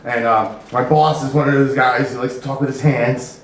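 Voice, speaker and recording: A man's voice: mid-range voice, fairly even intonation, normal speed, a little hiss or hum. A man doing stand-up comedy, rambling through his jokes with lots of "you know" asides. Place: comedy club stage. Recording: echoey club from far off.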